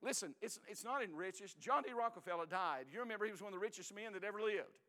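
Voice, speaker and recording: An older man preaching a sermon in a folksy, emphatic way, swinging between loud and hushed. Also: high-pitched, lively intonation, quick pace, in a large hall.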